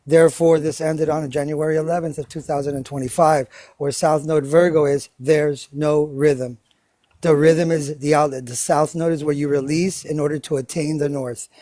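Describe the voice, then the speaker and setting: A man talking through astrology as a livestream guest, halting often with ums and uhs as he explains. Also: on the high side, mellow, no echo. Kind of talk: casual astrology talk.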